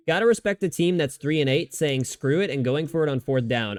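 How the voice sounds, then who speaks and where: A man's voice: on the high side, animated, fairly quick, few pauses, dry recording, clean studio sound. A man streaming live, chatting casually and rambling about football, often restarting his sentences and swearing freely. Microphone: desk microphone.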